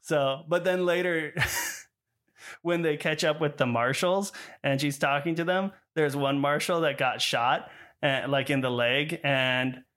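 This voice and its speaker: A man with a bright, forward voice co-hosts a podcast about movies. He retells plots in a loose, animated way, laughing as he goes and slipping into the characters' lines. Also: on the high side, unhurried. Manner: animated storytelling, laughs often, mimics characters. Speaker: podcast co-host. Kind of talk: casual chat, retelling a film plot.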